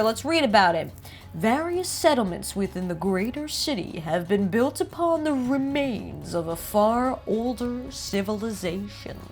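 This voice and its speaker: A woman with a New Jersey accent, casually riffing and joking as she reads about game art. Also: fairly high pitch. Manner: chatty, jokey, reads aloud and riffs. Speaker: host.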